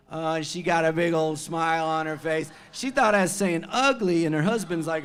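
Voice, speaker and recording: A man's voice: a little high, moderate pace, few pauses, a bit bright, clear, resonant tone. A man who is a folk singer-songwriter, chatting on stage between songs at a live venue and telling a story with self-deprecating humor. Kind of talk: live concert stage banter. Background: acoustic guitar.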